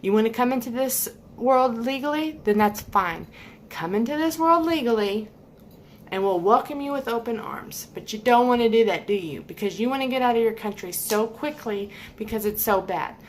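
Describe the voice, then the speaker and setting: A woman's voice: fairly high pitch, expressive, normal speed, a little hiss or hum. A woman giving a heated, emphatic opinion rant to camera, repeating points for stress. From United States. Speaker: vlogger.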